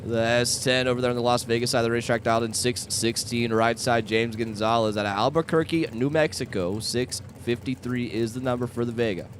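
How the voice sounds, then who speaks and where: Steady outdoor race announcer man. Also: mid-range voice, a little fast, hardly any pauses, a little hiss or hum. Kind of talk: live race commentary. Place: outdoors at a racetrack.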